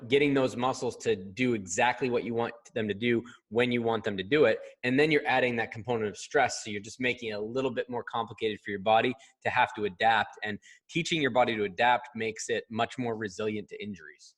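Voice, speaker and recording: A man's voice: medium pitch, a little fast, few pauses, fairly bright tone. A man hosting a casual chat, easygoing and agreeable, restating points for viewers.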